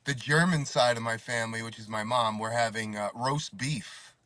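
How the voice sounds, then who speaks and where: A man co-hosting a live fitness chat show, telling stories in an animated way and swearing freely. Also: mid-range voice, normal speed, no echo. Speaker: podcast co-host. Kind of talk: casual chat.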